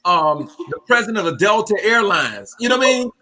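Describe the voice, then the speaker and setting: A man speaking as an invited poet, effusive and excitable, his voice breaking with emotion as he pays tribute on a video call. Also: high-pitched, brisk, over a noisy crowd. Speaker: guest poet.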